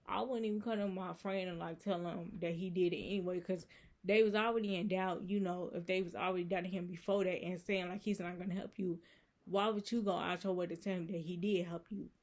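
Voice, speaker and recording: Woman, casual faith vlog, earnest, rambling, lowish voice. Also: fairly even intonation, fairly quick, darkish tone. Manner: rambling, earnest, many fillers like "you know" and "so it's like". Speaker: channel host.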